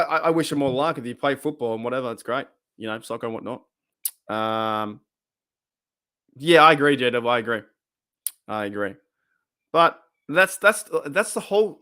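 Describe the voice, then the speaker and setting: A man's voice: mid-range voice, fairly bright tone. Rambling Australian guy on a live stream. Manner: rambling, repeats himself, laughs often. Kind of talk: casual live-stream chat.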